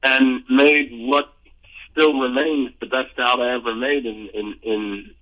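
Heard through poor audio, this older former pro ballplayer talks slowly in a mid-range voice. He's a guest in an interview, loosely rambling through lively stories and often restarting or filling pauses.

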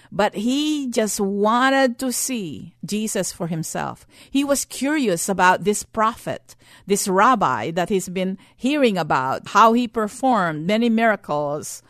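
A woman preaching a sermon, reading scripture quietly and rising to emphatic, repeated questions. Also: a little high, no room sound, studio quality. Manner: reads scripture softly, then builds to emphatic questions.

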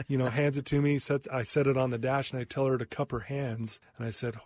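Man, middle-aged, mid-range pitch, earnest animated storyteller, interview guest, dry close sound. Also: fairly quick, creaky, no room sound. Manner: earnest, animated storytelling, acts out quoted lines.

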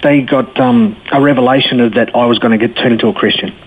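A man's voice: medium pitch, fast talker, husky. A middle-aged man with an Australian accent, telling his personal story as an interview guest in a candid, colloquial way. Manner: candid and colloquial, animated when retelling dialogue. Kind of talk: personal testimony in a radio interview. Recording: tinny phone line with faint noise.

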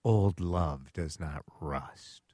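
A man hosting a radio talk show, chatty and quick to laugh. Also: deep voice, no room sound, clean studio sound. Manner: lively, chatty, laughs easily.

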